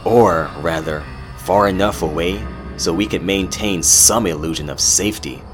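Man, horror narrator, deep voice, slow, dramatic, music underneath. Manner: measured, dramatic storytelling. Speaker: narrator and host.

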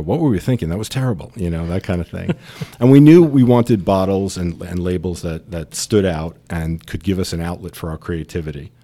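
A man's voice: sits low, mellow. A man in his fifties with a New York accent, a guest telling his story in a chatty way with many fillers. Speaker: distillery founder, guest. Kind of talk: casual interview chat.

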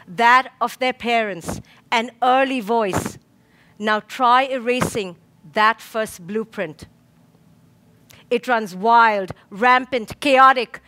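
Measured, emphatic woman psychologist. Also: fairly high pitch, sharp tone. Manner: slow, emphatic, rhythmic lists with dramatic pauses. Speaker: clinical psychologist, guest. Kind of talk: inspirational talk.

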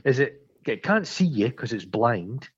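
A man's voice: mid-range voice, sing-song, breathy edge. A man co-hosting a casual film-review chat, swearing and joking as he acts out bits of scenes. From Scotland. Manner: sweary, jokey, acts out scenes in quick impressions. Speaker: podcast co-host. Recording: slightly dull lo-fi sound.

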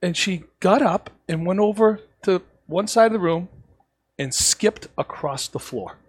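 A man's voice: high-pitched, measured pace, slightly rough. A man who owns a cigar shop, telling stories in a casual podcast chat and acting out the lines he quotes. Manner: animated storyteller, acts out quotes.

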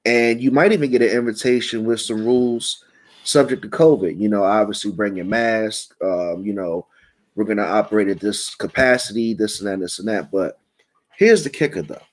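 A man co-hosting a casual podcast, telling a story in a relaxed, rambling way full of fillers. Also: on the low side, normal speed. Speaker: podcast co-host.

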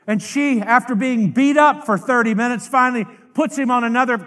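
A middle-aged evangelist with a high, bright voice. He preaches a fiery revival sermon, swinging between shouted outbursts and low, confiding asides. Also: fairly quick.

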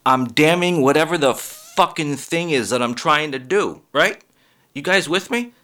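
A man's voice: a little high, unhurried, pushed and bright. A man comedian delivering a rambling, profane comedic monologue and laughing at his own jokes.

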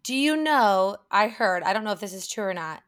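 A woman co-hosting a podcast, talking in loose, rambling chat. Her voice has a slight rasp and grit to it, and she laughs often between thoughts. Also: medium pitch, expressive, brisk, a bit bright. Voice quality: slightly raspy, gritty tone right now. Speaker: podcast co-host. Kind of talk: casual chat.

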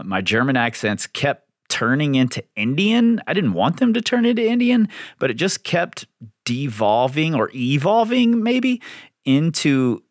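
A man's voice: on the low side, fairly bright tone, no echo, clean studio sound. A man hosting his own podcast, chatting casually and self-deprecatingly with his listeners. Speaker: podcast host.

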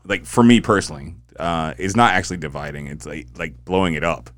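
A podcast host with a very low voice and a dry, close studio sound. He chats in an upbeat, agreeable way and laughs often. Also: lively intonation, fairly quick, dry recording. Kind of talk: casual podcast chat.

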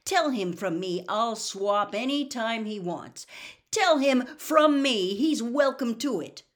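Woman reader doing an indignant schoolboy, loud and bitter, lively pitch, audiobook. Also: moderate pace, lightly acted. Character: frustrated, bitter teenage boy. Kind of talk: audiobook character reading.

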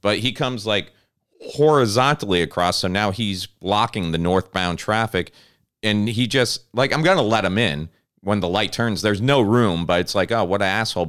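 A man in his thirties co-hosting a podcast, telling a story in casual chat with lots of swearing and animated delivery. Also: lowish voice, normal speed, clean tone. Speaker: podcast co-host.

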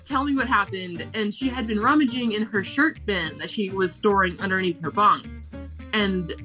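A woman in casual conversation, telling a camp story with lively acted-out quotes and frequent "like" fillers. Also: medium pitch, normal speed, soft background music. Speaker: camp staff member. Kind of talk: animated storytelling.

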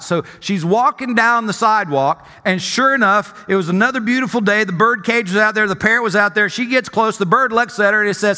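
A man preaching a sermon as senior pastor, telling a story in an animated, conversational way, with a long church reverb. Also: high voice, moderate pace.

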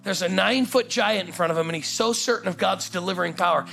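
A male pastor, preaching a lively sermon in a church auditorium and acting out the story in voices. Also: high voice, quick pace, gravelly, soft background music. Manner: animated, acts out the story in voices, calls "come on".

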